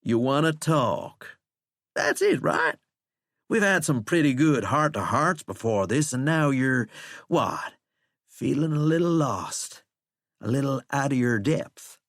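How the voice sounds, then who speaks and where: A male narrator takes his time voicing a shackled, cursed man, animated and raised, loud, with a swooping pitch and a coaxing, wry, sardonic drawl that sounds mocking and folksy. The recording is dry and close to the mic, audiobook-style.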